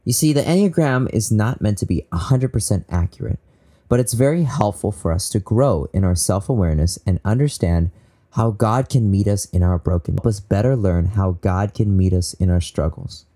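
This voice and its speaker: Young man, podcast host, low voice, mellow tone, eager, upbeat. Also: moderate pace. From Southern California. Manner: upbeat, eager, laughs often. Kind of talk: casual faith podcast talk.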